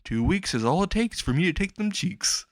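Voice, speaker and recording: A man's voice: high voice, expressive, normal speed, no echo, studio quality, pitched above the performer's own voice. A man doing a sinister, teasing ghost girl. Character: sinister ghostly young woman stalker.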